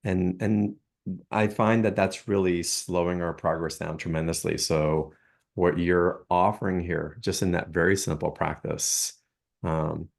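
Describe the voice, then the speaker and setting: A man hosts a call and reflects out loud in an easy, musing way. His voice is very low and gravelly with vocal fry, and he strings phrases together as he thinks. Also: level tone, measured pace. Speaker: host. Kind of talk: casual reflective chat.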